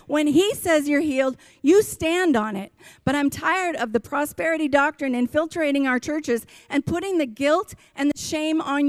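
A woman pastor delivers an impassioned sermon in a fairly high voice. She preaches emphatically and hammers her points with repetition. The sound is close and dry, with little room echo. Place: church.

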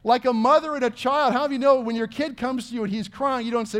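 A middle-aged man preaches with a notably high-pitched voice. His sermon is earnest and conversational, full of questions put to the congregation. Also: fast talker, a bit bright. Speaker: pastor.

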